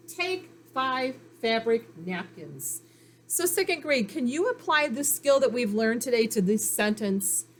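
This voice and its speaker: Woman teacher, upbeat and clear, slightly higher voice, faint room hiss behind, for a children's phonics lesson. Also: fairly bright tone. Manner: slow, clear, encouraging teacher talk with pauses for answers.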